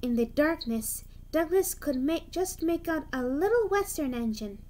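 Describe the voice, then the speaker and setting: A woman reading a children's storybook aloud, deliberate with occasional restarts. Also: high voice, animated, a little mellow.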